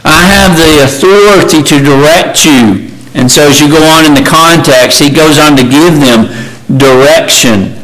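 A man's voice: fairly high pitch, unhurried, a bit bright, rough recording. A man preaching a sermon in a conversational way, reading scripture aloud with frequent restarts.

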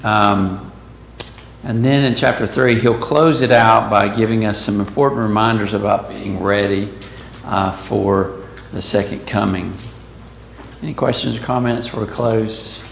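Steady in tone and gravelly, a man's lowish voice guides a casual Bible class. The teacher moves slowly, reading passages aloud and pausing to unpack them, in an echoey space with faint background noise.

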